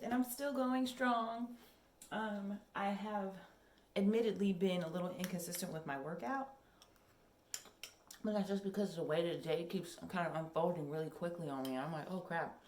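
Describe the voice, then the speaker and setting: A woman's voice: mid-range voice, steady tone, moderate pace, darkish tone, reverberant, a little hiss or hum. A young woman in casual vlog chat at home, rambling and chatty with many ums. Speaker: vlogger. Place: home workout room.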